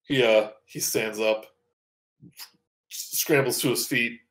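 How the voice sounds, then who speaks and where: A man narrates a tabletop game as game master, his voice sitting at an ordinary pitch. He talks haltingly, with many ums and restarts. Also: fairly even intonation, a bit bright. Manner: hesitant, full of ums and restarts.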